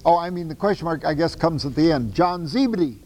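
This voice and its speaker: A man giving a lecture on the Bible to a class, talking in an animated, emphatic way with casual asides and self-corrections. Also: on the high side, brisk, long reverb tail, poor audio. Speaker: Bible teacher.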